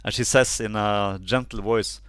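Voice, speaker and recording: Halting game master, low and dry. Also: male voice, fairly even intonation, a bit bright, clean tone, no room sound. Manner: halting, full of "uh" fillers. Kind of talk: narrating a tabletop game. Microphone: online call.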